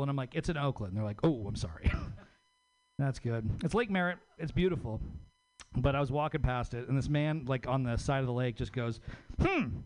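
A man's voice: medium pitch, darkish tone, poor audio. Profane, offhand stand-up comic, man. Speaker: stand-up comedian. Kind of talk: stand-up set at open mic.

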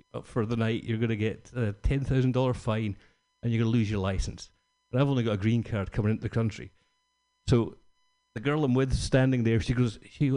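Man, stand-up comedian, rambling swearing story, mid pitch. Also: warm tone. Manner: profane, rambling anecdote with acted-out quotes.

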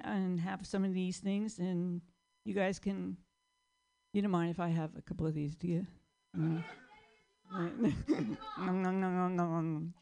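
A woman with a medium-pitched, dark-toned voice does a stand-up set for a live crowd, wandering from one self-mocking joke to the next.

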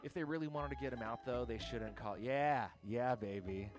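A man's voice: mid-range voice, fast talker, over music. A man hosting a loose comedic radio show, joking and rambling as he sets up bits and impressions. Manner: joking, rambling, doing silly voices.

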